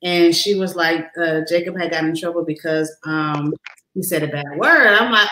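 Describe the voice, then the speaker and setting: Bright-voiced woman telling a story. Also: on the low side, moderate pace, roomy sound, rough recording. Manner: animated, acts out voices. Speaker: guest. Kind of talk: storytelling in casual chat.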